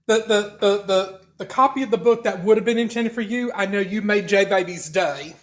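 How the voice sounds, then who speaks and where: A man's voice: high voice, normal speed. Easygoing southern guy on a group chat, giggles a lot. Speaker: show regular.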